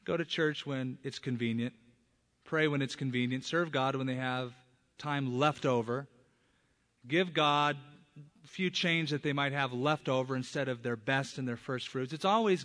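Emphatic preacher in a reverberant hall. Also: male voice, medium pitch, moderate pace. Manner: emphatic, rising to loud stresses on key words. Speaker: pastor. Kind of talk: sermon.

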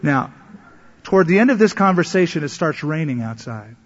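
A man's voice: on the high side, very animated, moderate pace. A man preaching a sermon as a pastor, telling a story and acting out the voices of the people in it. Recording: echoey hall, dull lo-fi sound.

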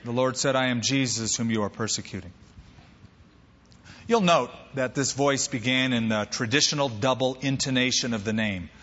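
Bright-voiced preaching man, echoey hall. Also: medium pitch, normal speed, muffled recording. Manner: animated preaching, acts out quoted voices. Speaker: pastor. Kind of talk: sermon.

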